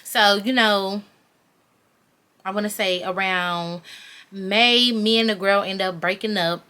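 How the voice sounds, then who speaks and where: Young woman vlogger, chatty storyteller, bright and sharp voice. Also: mid-range voice, steady tone, takes it slowly, clean tone. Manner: chatty, talks straight to viewers as "y'all". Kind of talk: casual storytime.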